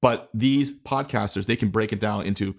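A man co-hosting a casual tech podcast, explaining ideas in an animated way with frequent fillers. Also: lowish voice, normal speed, creaky. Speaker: podcast co-host.

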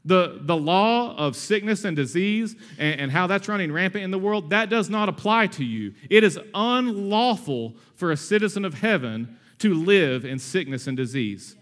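A man in his thirties preaches to his church with a fairly high voice. He talks energetically and conversationally. He slips in humorous asides along the way. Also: expressive, moderate pace, hardly any pauses, fairly bright tone. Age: 30s. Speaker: pastor. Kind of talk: sermon.

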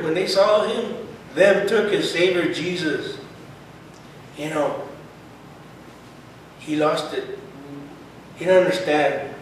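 A man preaching a sermon with fervor, at times breaking into shouts and dropping in Spanish words. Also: sits high, slight background noise. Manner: fervent, rising to shouts, mixes in Spanish words. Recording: echoey room, voice far from the mic.

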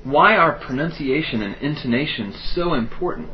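A man's voice: a little high, animated, normal speed, a little hiss or hum. A man speaking his lines in a scripted textbook dialogue, asking questions expressively. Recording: dull tape playback.

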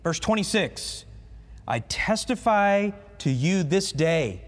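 A male pastor with a high voice gives an animated, slow sermon in a church sanctuary, putting questions to the congregation. The recording carries the long reverb of a church hall.

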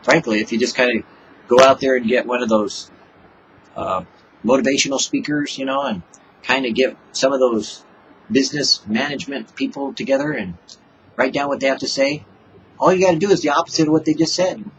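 A man delivers a relaxed devotional message in a conversational way, slipping into short acted-out exchanges with God. His voice sits at an ordinary middle pitch. The recording sounds a little muffled, with a faint hiss underneath. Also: brisk. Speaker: preacher. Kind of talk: informal devotional sermon.

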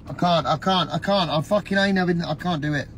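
A man's voice: fairly high pitch, fast talker, fairly bright tone, slight background noise. A man on a livestream, earnestly lecturing and pleading with someone in a repetitive, emphatic way.

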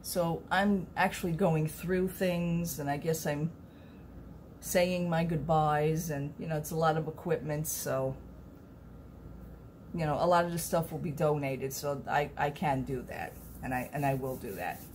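A woman's voice: deep voice, measured pace, a little mellow, a little hiss or hum. A middle-aged woman, chatting to camera in a rambling, earnest way as a vlogger. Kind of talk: casual chat to camera.

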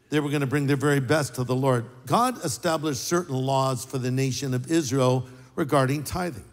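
An older man preaching a sermon as pastor, an animated storyteller with wry, sarcastic asides. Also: a little high, big-room sound.

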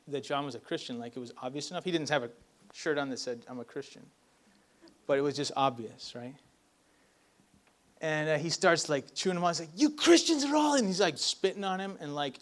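A man's voice: fairly high pitch, a bit bright. A man preaching casually at a church event, telling a story with many fillers and checking in with the crowd. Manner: casual, filler-heavy with lots of "like" and "right?". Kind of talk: storytelling sermon.

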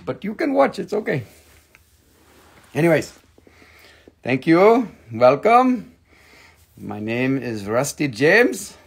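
A man's voice: a little high, very animated, takes it slowly, creaky, long pauses, slightly rough. A man hosting a casual live stream from home, chatting in a playful, joking, rambling way. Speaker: live-stream host selling stones.

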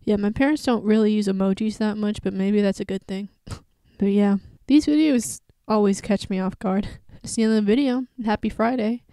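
A woman's voice: mid-range voice, steady tone, normal speed, hardly any pauses, mellow, clear, resonant tone, dry recording. Young woman reacting, dry close sound. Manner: incredulous, laughing asides. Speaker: reaction video host. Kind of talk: casual reaction commentary.

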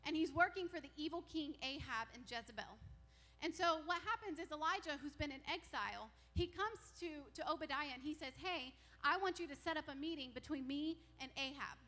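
A woman pastor preaching a sermon, retelling a Bible story in an animated way and acting out the characters' lines. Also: sits high, fairly quick. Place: church sanctuary.

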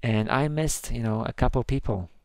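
Excitable male game host, smooth crisp voice, dry close sound, jumps between calm chat and high squeals. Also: moderate pace, no echo. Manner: jumpy, gasping and squealing when scared. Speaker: gaming video host. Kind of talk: excited let's-play commentary.

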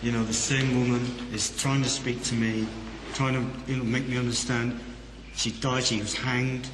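Male medium, halting delivery, echoey room with noise. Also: mid-range voice, little pitch movement. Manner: halting, hesitant speech. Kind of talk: live ghost-hunt commentary.

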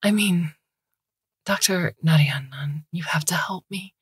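A woman's voice: low-pitched, a little slow, breathy edge, no echo, studio quality, exaggerated voice. A woman voicing a young female student who speaks in an earnest, pleading way.

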